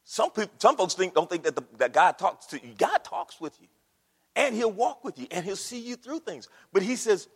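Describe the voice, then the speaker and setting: A man preaching with fervour, his high voice leaping up and down, swinging from a quiet hush to outbursts. His words ring out in a big hall with a long echo. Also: sing-song, measured pace, breathy edge. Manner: impassioned, swinging from soft hush to shouting. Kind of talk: sermon.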